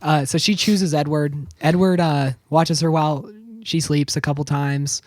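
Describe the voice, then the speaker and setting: A man's voice: fairly high pitch, fairly even intonation, normal speed, dry recording. A man with a strained voice, recapping a film plot with sarcastic asides and laughter in a casual podcast chat. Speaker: podcast co-host.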